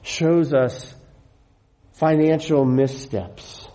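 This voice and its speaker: A middle-aged man delivers a sermon at an unhurried, deliberate pace. His voice sits a little high for a man but sounds mellow and soft-edged rather than bright. He preaches earnestly, leaning on repeated phrases for emphasis. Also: rough recording. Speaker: pastor.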